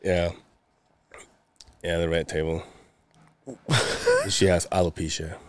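A man's voice: deep voice, little pitch movement, slow pace, smooth, dry recording. A man co-hosting a casual podcast, rambling through stories, swearing and laughing often. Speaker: podcast co-host. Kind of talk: casual chat.

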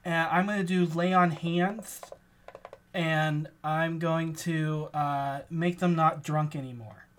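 Hesitant lower-voiced woman player. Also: steady tone, takes it slowly. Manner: hesitant, with many fillers. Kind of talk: casual game talk.

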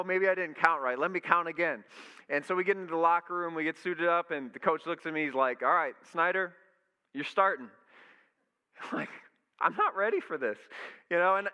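A man's voice: on the high side, pushed and bright, clean tone. A young adult man preaching a conversational sermon to his church, telling stories and acting out what people think and say. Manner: casual storytelling, acts out quoted thoughts. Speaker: pastor. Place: church sanctuary. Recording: echoey hall reverb.

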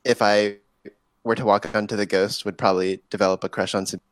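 A man's voice: lowish voice, little pitch movement, brisk. A man co-hosting a podcast in casual chat, speaking with some hesitation. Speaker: podcast co-host.

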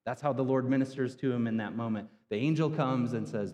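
A man's voice: medium pitch, brisk, darkish tone. Casual preaching man in a reverberant hall. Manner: casual, retells scripture in everyday slang. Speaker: pastor. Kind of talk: conversational sermon storytelling. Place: church sanctuary.

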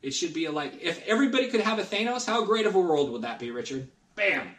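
A man's voice: sits high, animated, fast talker, fairly bright tone, far from the mic, a little hiss or hum. Earnest, rambling male podcast guest, roomy off-mic sound. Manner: rambling, earnest, many restarts. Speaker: guest collector. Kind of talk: casual podcast chat.

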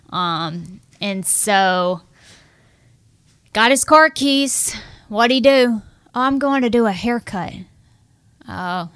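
Young woman guest. Bright, clear voice; earnest, animated storytelling. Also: mid-range voice. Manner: earnest, animated, acts out quoted dialogue. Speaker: guest sharing her marriage story. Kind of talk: emotional personal storytelling.

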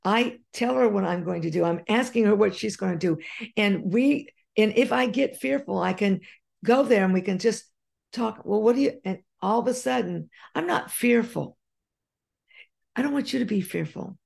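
A woman's voice: mid-range voice, moderate pace, creaky, a little mellow. A woman giving an earnest, encouraging motivational monologue straight to her audience, often repeating her phrases. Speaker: motivational speaker.

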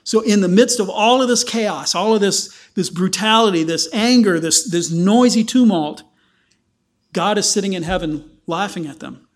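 Male preacher, fairly high voice, animated Bible teaching that acts out the quotes. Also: normal speed.

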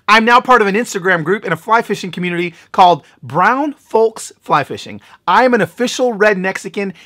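A middle-aged man preaching a sermon, telling a story and building to loud, excited peaks. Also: high-pitched. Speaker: pastor.

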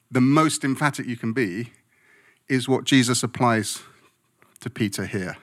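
A man's voice: mid-range voice, lively intonation, moderate pace, fairly bright tone. A man preaching a sermon as a pastor, speaking emphatically and conversationally, often checking in with his listeners.

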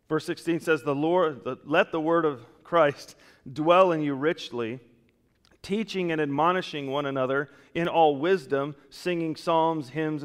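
A male pastor delivers a sermon with a fairly high voice, acting out people's excuses and swinging between loud and hushed. His voice rings through a church hall with a long reverb tail. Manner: animated, acts out quoted excuses, voice rises and drops sharply.

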